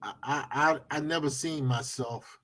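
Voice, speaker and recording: A man telling stories as a guest in a casual chat, excitable and drawn out. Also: mid-range voice, unhurried.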